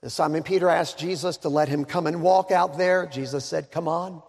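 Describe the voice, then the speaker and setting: High, gravelly-voiced preacher. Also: male voice, fairly even intonation, a little mellow. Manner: dramatic, slows down to stress words, joking asides. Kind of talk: sermon. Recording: long hall reverb.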